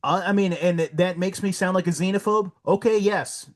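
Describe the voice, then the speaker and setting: A man's voice: high voice, moderate pace. A man guesting on a podcast, ranting bluntly with heavy profanity and heated emphasis. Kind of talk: casual podcast rant.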